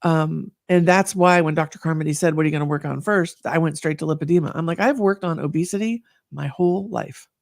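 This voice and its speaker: A woman guest telling her story in a candid conversation, earnest and animated. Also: sits low, a little fast, gravelly, few pauses, dry recording, studio quality.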